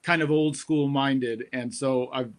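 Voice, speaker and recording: A man's voice: medium pitch, steady tone, a little slow. A man hosting a casual on-stage chat with a musician, friendly and teasing. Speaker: host.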